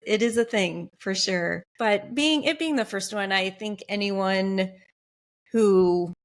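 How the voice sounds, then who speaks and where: A woman's voice: mid-range voice, slow. A woman guest on a podcast, sharing her race experience in an upbeat, earnest way. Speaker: podcast guest, Ironman athlete. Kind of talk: casual podcast chat.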